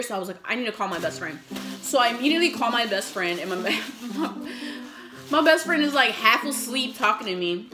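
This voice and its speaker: A young adult woman vlogger telling a story in a chatty, casual way, swearing freely and acting out what people said. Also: a little high. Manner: chatty, swears a lot, acts out quotes. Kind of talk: casual storytelling while eating. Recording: echoey room with faint music.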